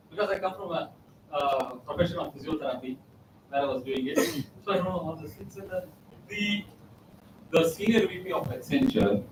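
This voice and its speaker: A guest speaker with a slightly higher-than-average male voice gives a motivational talk, telling anecdotes and repeating key phrases to drive his points home. He's recorded from a distance in a large, echoing hall with a faint hum of ambience.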